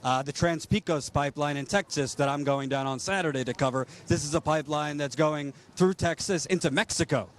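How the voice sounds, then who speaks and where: A man reporting outdoors at a protest, speaking in an impassioned, rapid-fire rant full of rhetorical questions. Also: a little high. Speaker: political reporter. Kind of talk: street commentary at a protest.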